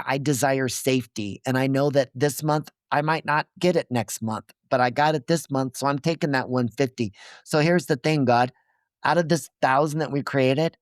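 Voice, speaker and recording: A man's voice: mid-range voice, dry recording, studio quality. A man as a podcast guest, explaining his ideas earnestly and checking in with his listener as he goes. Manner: didactic, checks in with "okay?" and "right?".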